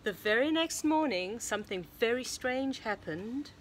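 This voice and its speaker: A preschool teacher, a woman, reading a picture book aloud to young children in a sing-song storybook voice with hushed asides. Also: a little high, animated, a little slow, a little hiss or hum. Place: home or classroom, recording online lesson.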